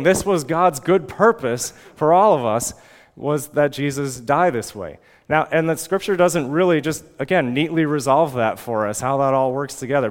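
Earnest man preaching in a reverberant hall. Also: medium pitch. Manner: earnest, lively, acts out pleading prayers. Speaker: pastor. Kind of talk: sermon.

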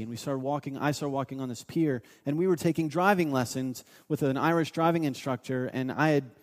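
Pastor preaching in a reverberant hall. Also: male voice, fairly high pitch. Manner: storytelling, shifts between loud urging and hushed asides. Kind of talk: sermon.

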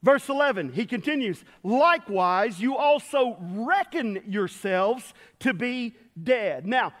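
A man's voice: extremely high pitch, expressive, slow, fairly bright tone. A man preaching a sermon as pastor, folksy and storytelling. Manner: folksy, storytelling with quoted voices. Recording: long hall reverb.

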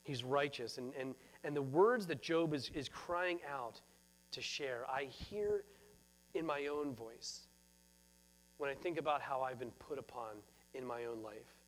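A man's voice: medium pitch, unhurried. A man preaching a sermon as pastor, earnest and repeating phrases for emphasis.

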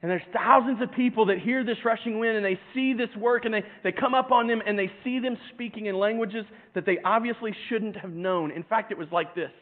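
A man preaching a sermon in an animated way, stumbling over repeated words and acting out other people's voices with humor. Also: sits high, brisk, hardly any pauses. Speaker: pastor. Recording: tinny phone-like sound.

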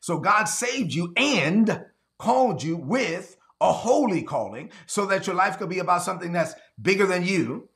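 Male pastor, slightly high voice, emphatic livestream preaching, drawn-out stresses. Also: expressive, a bit bright. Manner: emphatic preaching, slows down to stress key words. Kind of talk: sermon.

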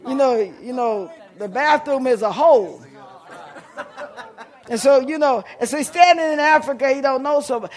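A middle-aged man preaching a sermon, telling a story and calling out to the congregation, rising to shouts at the peaks. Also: extremely high pitch. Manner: fervent call-and-response preaching, shouting at peaks.

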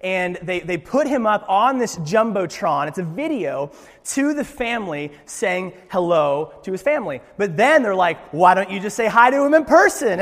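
A young male pastor delivers a sermon with a high voice, joking and animated, often restarting his sentences. His voice rings with a long reverb, as in a church hall.

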